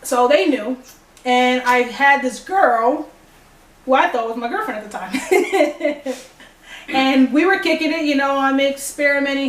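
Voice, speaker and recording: A young woman telling a personal story to the camera, acting out the dialogue as she goes. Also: high-pitched. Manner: animated, acts out dialogue. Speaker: vlogger. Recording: echoey room, distant mic.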